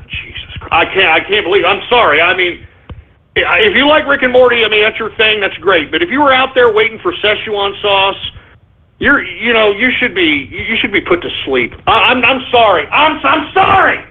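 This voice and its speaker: A man hosting a talk radio show, ranting angrily with shouting and profanity. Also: high voice, expressive, moderate pace. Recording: tinny phone-like lo-fi.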